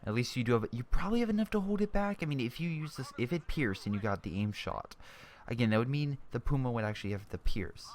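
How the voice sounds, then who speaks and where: A man's voice: medium pitch, lively intonation, fast, a little mellow, a little hiss or hum. A young man giving casual commentary over a strategy game replay, chatty and exclamatory, often restarting his sentences.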